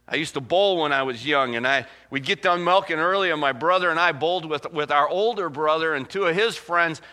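A middle-aged man preaching a sermon as pastor, telling folksy stories and slowing down to quote scripture. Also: on the high side, bright, forceful tone.

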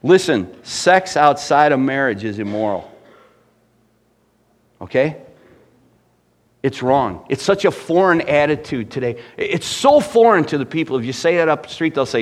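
A middle-aged male pastor preaching with fervor and a somewhat high voice. He keeps asking the congregation rhetorical questions and builds in intensity as he goes. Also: big pitch swings, normal speed, pauses often. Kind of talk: sermon.

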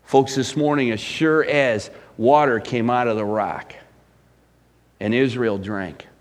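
A man preaching a sermon as pastor, animated and swinging between loud emphasis and hushed asides. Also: medium pitch, slow pace, long reverb tail.

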